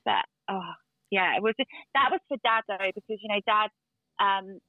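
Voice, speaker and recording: A woman's voice: medium pitch, moderate pace, no room sound. Earnest woman guest on a remote call, thin phone-line audio, lots of fillers. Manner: earnest, storytelling with restarts and fillers. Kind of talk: casual chat. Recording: dry tinny phone-like line.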